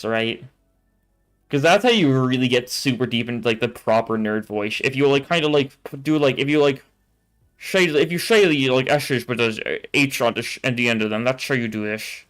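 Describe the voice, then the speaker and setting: Male streamer, casual let's-play chatter, rambling, mid-pitched voice. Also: clean tone. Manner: rambling, chatty, lots of filler words.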